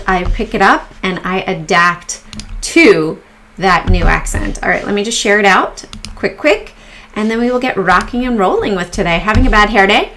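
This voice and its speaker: Woman host, mid-pitched, chatty and upbeat, casual market livestream with faint noise behind. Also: bright, forceful tone. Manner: chatty and upbeat, greets viewers in chat.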